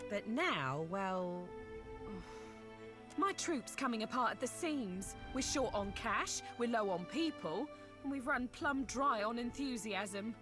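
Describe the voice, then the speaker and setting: Dramatic, downtrodden stage director, folksy and self-pitying, lively melodic delivery, music playing faintly behind. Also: female voice, a little high, takes it slowly. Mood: dejected. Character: weary woman theater troupe director. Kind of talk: video game voice acting.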